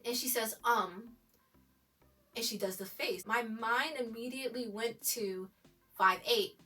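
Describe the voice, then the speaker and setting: A woman recapping a TV episode in animated, gushing casual commentary. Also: a little high, a little slow, recorded from a distance, soft background music. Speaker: TV recap vlogger.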